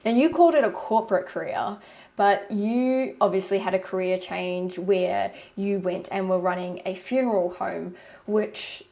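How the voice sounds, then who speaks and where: A woman's voice: medium pitch, unhurried, vocal fry, dark tone. A woman hosting a podcast, reflecting in an articulate, coaching manner on leadership. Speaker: podcast host. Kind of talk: interview commentary.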